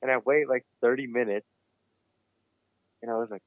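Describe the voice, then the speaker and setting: A man telling a wild story in a casual podcast chat, cursing freely and getting animated. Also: mid-range voice, brisk, pauses often, no echo. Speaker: podcast guest. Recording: dry, phone-like remote line.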